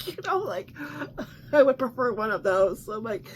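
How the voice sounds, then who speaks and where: Chatty woman with a higher voice. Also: very animated, moderate pace, slight background noise. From Canada. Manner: chatty, exasperated, laughs often, rambling restarts. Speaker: vlog host. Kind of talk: casual chat.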